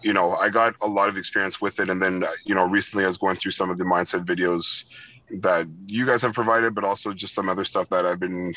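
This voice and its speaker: A man's voice: low voice, level tone, fast, pushed and bright, no echo, poor audio. A man in real estate talking reflectively on a call, with many "you know" fillers.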